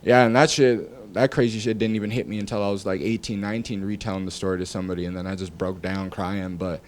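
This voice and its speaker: A young man, a rapper guest on a podcast, telling a story from his past in a loose, animated way, cursing freely and acting out what people said. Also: on the low side, fast. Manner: animated storyteller, curses freely, acts out dialogue. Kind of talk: casual storytelling interview.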